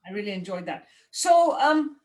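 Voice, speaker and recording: Woman from kenya hosting a radio chat, encouraging, chatty, middle pitch. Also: sing-song, normal speed, darkish tone. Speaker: radio host. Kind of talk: casual interview chat.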